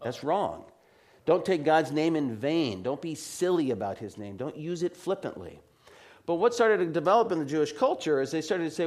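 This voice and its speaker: A man preaching an earnest expository sermon, reading scripture slowly and carefully. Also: fairly high pitch, expressive, darkish tone. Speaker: pastor.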